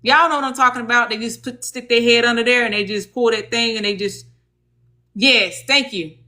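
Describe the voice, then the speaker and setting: A woman's voice: on the high side, fairly even intonation, brisk, pushed and bright. A woman with a Southern US accent hosting a casual livestream about legal advocacy, chatty and folksy, talking straight to her viewers.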